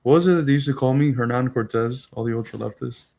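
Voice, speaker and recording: A man co-hosting a podcast, teasing his friend in jokey, animated political chat. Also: mid-range voice, quick pace, creaky. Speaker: podcast co-host.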